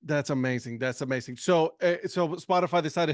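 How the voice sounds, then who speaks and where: A laid-back male podcast host who uses plenty of slang and reacts with enthusiasm. His voice sits a little high and sounds close and dry, with no room echo. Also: brisk. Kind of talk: casual podcast interview.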